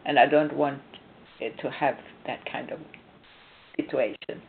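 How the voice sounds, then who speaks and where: A woman's voice: very deep voice, steady tone, measured pace, vocal fry, slight background noise. A woman from Sweden, a spiritual coach, giving casual relationship advice through personal stories, emphatic with hesitant restarts. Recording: tinny phone-like sound.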